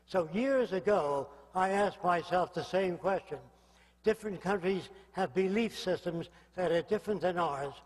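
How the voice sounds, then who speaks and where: Blunt older man lecturing in an echoey hall. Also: high-pitched. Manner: blunt, provocative lecturing with rhetorical questions. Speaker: public lecturer. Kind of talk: public lecture.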